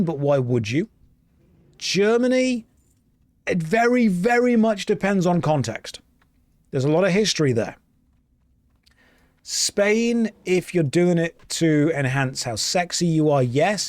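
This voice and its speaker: Joking English man, slightly high voice. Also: lively intonation, slow, long pauses, dry recording. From England. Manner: rambling, joking, thinking aloud. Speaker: streamer playing an online game. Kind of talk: casual gameplay chat.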